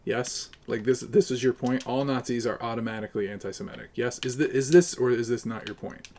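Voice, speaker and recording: A man's voice: mid-range voice, fairly even intonation, fairly quick, creaky, darkish tone, slight background noise. A man streaming a game live, arguing with his chat and cursing at his teammates. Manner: profane, combative ranting at chat. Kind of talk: live gaming stream commentary.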